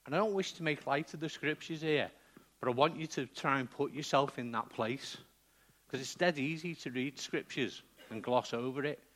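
A man's voice: mid-range voice, normal speed, fairly bright tone. A man preaching a sermon in a conversational way, often checking in with the congregation.

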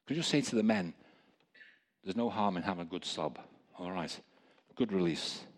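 A man preaching a testimony sermon, telling stories in a lively way with chuckling asides. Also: sits low, moderate pace. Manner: storytelling, animated, chuckling asides.

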